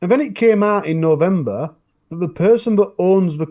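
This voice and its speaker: A northern English man talks in a loose, casual podcast chat. His voice sits a bit high for a man. He tells long stories with frequent false starts and restarts. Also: normal speed, mellow. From northern England. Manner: rambling storytelling with frequent restarts. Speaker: true crime YouTuber, podcast regular.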